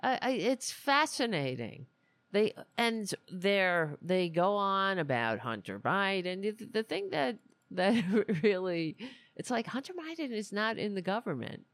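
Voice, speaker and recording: Slow-talking, animated, indignant show host. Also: medium pitch, no echo. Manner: animated, indignant, many restarts and asides. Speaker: political commentary host. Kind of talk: casual ranting commentary.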